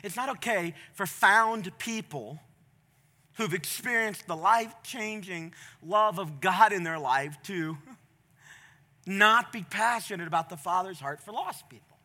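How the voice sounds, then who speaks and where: A middle-aged male pastor preaching a sermon from a church stage, passionate, moving from quiet storytelling to loud, emphatic appeals. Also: high voice, measured pace.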